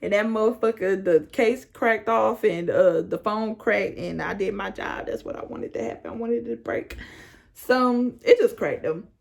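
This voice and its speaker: Young woman vlogger, gravelly voice, slangy and animated, laughing through the story. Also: medium pitch, normal speed. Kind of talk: casual storytime.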